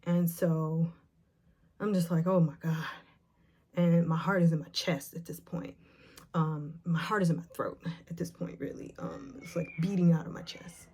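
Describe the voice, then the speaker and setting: A woman vlogger retelling a painful memory, emotional and nervous, with halting speech full of fillers and restarts. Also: lowish voice, fairly even intonation, darkish tone, slightly rough. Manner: retells scenes by acting out the quotes. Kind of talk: personal storytelling to camera.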